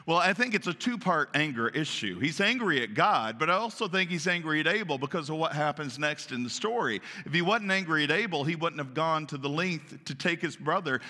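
Folksy preacher, bright high voice. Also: male voice, a little fast, hardly any pauses. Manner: animated, folksy, acts out voices. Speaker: pastor. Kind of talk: sermon. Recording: long church reverb.

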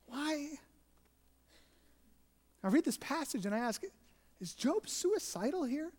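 A pastor preaching an earnest sermon, shifting between emphatic and hushed delivery. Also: high voice, sing-song, moderate pace, long reverb tail.

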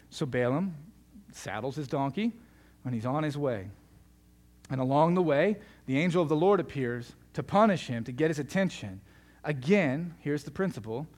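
A man's voice: a little high, animated, moderate pace, darkish tone. A male pastor preaching a sermon in a conversational, joking storytelling manner.

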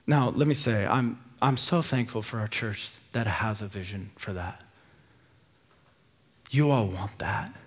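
A man's voice: fairly low pitch, unhurried, breathy edge. A man in his thirties preaching a sermon in a church, impassioned and rising to fervent peaks. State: out of breath. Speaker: pastor. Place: church sanctuary.

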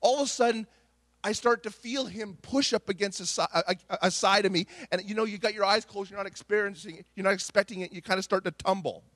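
This impassioned Pentecostal sermon comes from a middle-aged male pastor who talks fast in a high, fairly bright voice. Telling a story, he repeats words and restarts phrases. The recording is dry.

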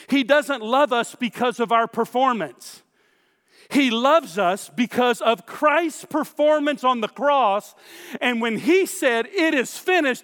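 A man's voice: high voice, a bit bright, big-room sound. A man preaching a sermon as pastor, emphatic, with repeated phrases, speaking straight to his listeners.

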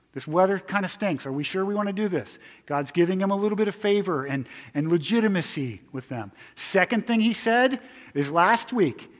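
A male pastor preaching a conversational sermon, moving between loud emphatic stretches and hushed quiet ones. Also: high voice, big-room sound.

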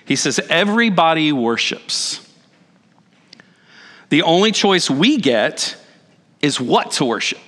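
A man in his forties, a pastor giving a conversational sermon with animated, self-deprecating asides. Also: a little high, slow pace, long pauses. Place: church sanctuary. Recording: reverberant church hall.

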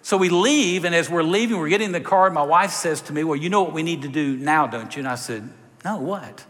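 Preacher in a reverberant hall. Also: male voice, a little high, brisk. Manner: animated storytelling, direct appeals to the congregation. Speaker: pastor. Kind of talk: sermon.

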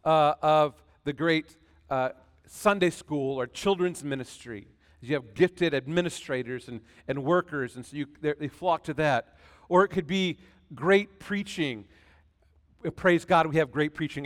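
High-voiced preacher in a reverberant hall. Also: male voice. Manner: swings from loud emphatic preaching to quiet asides. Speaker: pastor. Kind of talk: sermon.

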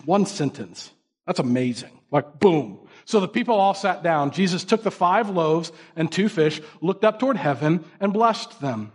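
A man's voice: fairly high pitch, lively intonation, moderate pace, husky. A man giving a casual, conversational sermon, acting out quoted voices with many fillers. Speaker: pastor.

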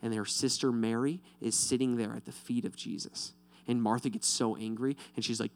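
A man's voice: mid-range voice, steady tone, fairly quick. A man pastor giving a casual, conversational sermon, talking straight to his listeners and often checking in with "right?". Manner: talks directly to listeners, often asking "right?".

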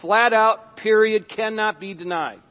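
A man with a high voice preaches slowly and deliberately, letting his words stretch out. His delivery turns dramatic, sinking to a hush and then rising again as he acts out Bible scenes. The sound is dull and lo-fi, with a long reverb tail from a large church hall. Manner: dramatic, with sudden hushed drops and acted-out quotes. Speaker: pastor. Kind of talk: sermon.

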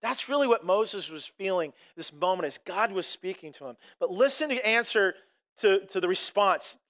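A man's voice: high voice, lively intonation, moderate pace, a bit bright. A middle-aged man preaching a sermon as pastor, talking conversationally and often restarting his sentences. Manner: conversational, with frequent restarts and acted-out quotes.

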